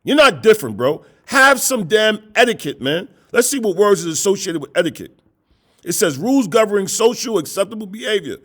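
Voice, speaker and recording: A man's voice: high-pitched, animated, brisk, a bit bright. A middle-aged man preaching a confrontational sermon, scolding his listeners with repeated rhetorical questions and blunt, profane language. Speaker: street preacher.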